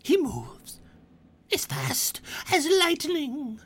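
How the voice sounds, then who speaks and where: A woman's voice: sits high, huge pitch swings, drawn-out words, voice pushed up, heavily acted. A game master voicing a fussy female goblin who hoards keys and speaks in grand, archaic phrases with hesitant fillers. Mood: bargaining.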